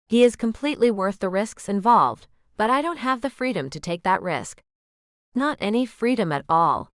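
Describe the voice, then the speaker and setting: A woman narrating a first-person romance audiobook in a musing, expressive way, close to the mic. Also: fairly high pitch, no echo.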